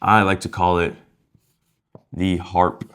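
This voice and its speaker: A man coaching viewers on speaking, casual and lively, acting out quiet and loud ways of talking and using slang as he goes. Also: low voice, slow pace. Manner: lively and demonstrative, acts out quiet and loud speech. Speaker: communication coach. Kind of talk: casual instructional talk to camera.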